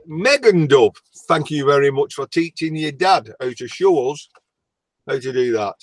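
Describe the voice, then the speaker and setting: A man's voice: a little high, expressive, dry recording. A man co-hosting a casual livestream, teasing his friend and reading out the chat. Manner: slow, teasing, reads chat aloud.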